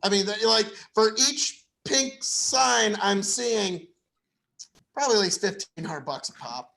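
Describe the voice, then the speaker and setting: A man's voice: high-pitched, animated, measured pace, vocal fry, bright, forceful tone. A man co-hosting a casual live stream, riffing sarcastically on debate clips with many filler words. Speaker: co-host of live stream commentary.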